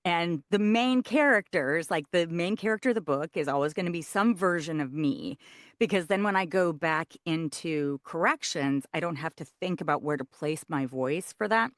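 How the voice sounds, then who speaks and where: A woman audiobook narrator, a guest in a casual interview, explaining her work in an animated way. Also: on the low side, normal speed, dry recording, studio quality. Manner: animated, shows voice placement while explaining.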